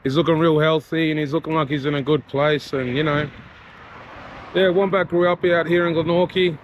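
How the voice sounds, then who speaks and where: A man's voice: fairly high pitch, normal speed, dull audio. A man with an Australian accent chatting casually while walking around his area, sincere and loose, leaning on lots of "you know". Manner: relaxed, heartfelt, filler-heavy with frequent "you know". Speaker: vlogger and rapper. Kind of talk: casual walk-and-talk vlog. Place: outdoors in a town street and mall. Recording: noisy outdoor street recording.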